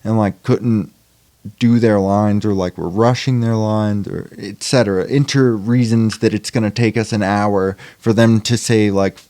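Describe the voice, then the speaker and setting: A young man talks loosely and rambles, full of fillers and restarts, in casual podcast chat. His voice sits low. The sound is dry and close. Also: fairly even intonation, a little slow, warm tone, no room sound. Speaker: podcast guest, indie film actor.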